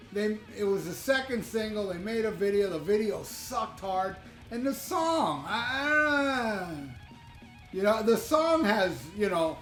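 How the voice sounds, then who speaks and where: A man with a high voice rambles through a rock album review, blunt and full of swearing. His sentences stop and restart as his opinions tumble out. The room sounds echoey, and faint music plays behind him. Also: fairly bright tone.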